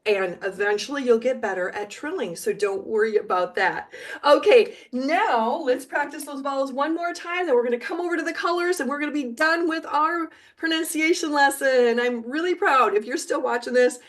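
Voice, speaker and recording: A middle-aged woman teaching a video lesson, encouraging and repeating words slowly for learners, now and then singing along. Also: high-pitched. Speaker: Spanish teacher.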